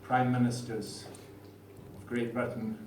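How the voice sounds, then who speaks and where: A man's voice: medium pitch, steady tone, slow pace. A man giving a dry, self-deprecating comic speech at a dinner. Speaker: after-dinner speaker. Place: dinner hall. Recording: roomy hall, far mic, noisy.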